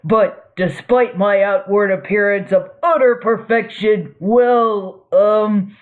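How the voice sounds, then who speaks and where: A woman's voice: mid-range voice, slow, natural voice. A woman voicing a vain, cowardly male space captain who talks in a pompous, self-pitying, theatrical way. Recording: tinny phone-like audio.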